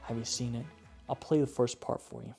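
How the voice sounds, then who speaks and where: A man's voice: medium pitch, fairly even intonation, a little fast, vocal fry, mellow, faint music behind. A man hosting a video, ranting about bad ads with lots of swearing and repeated "okay?"s. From Canada. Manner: profane, exasperated, keeps asking "okay?". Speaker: video host reviewing ads. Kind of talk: ranting reaction commentary.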